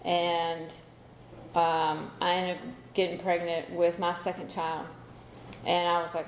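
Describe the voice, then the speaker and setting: A woman's voice: lowish voice, level tone, takes it slowly, a little hiss or hum. A woman in her thirties sharing her story at a recovery meeting, candid and conversational, with lots of "you know" fillers. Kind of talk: personal testimony talk. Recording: echoey room recording.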